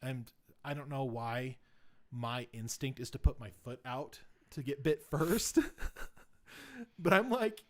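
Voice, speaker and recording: Guy on a podcast telling a story, lots of um and like, mid pitched voice, gets loud when it gets exciting. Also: slow. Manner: rambling, filler-heavy, grows louder and excited retelling events. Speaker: podcast host. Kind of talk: casual storytelling chat.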